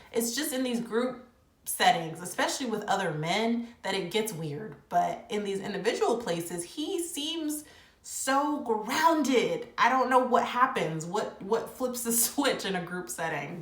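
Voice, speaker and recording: A woman giving a casual, opinionated recap of a reality show episode, chatty and animated, with plenty of fillers. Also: medium pitch. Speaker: reality TV reviewer. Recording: echoey room.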